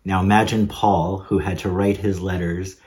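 A man's voice: low-pitched, little pitch movement, normal speed, darkish tone. A man who is a preacher and seminarian, giving a casual online sermon from an upstairs bedroom at home, chatty with small chuckles and hesitant fillers.

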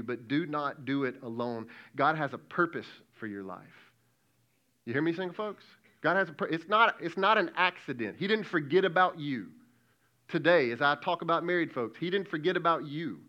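A man's voice: mid-range voice, highs cut off. A man in his thirties preaching a sermon as pastor, passionate and folksy, calling out to the congregation.

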